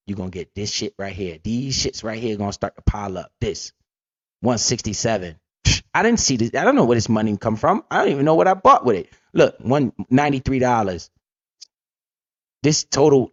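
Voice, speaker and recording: A blunt, streetwise man hosting a profane, casual money-talk livestream, with big swings in pitch as he talks. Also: dry recording, highs cut off. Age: adult parent. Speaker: livestream host.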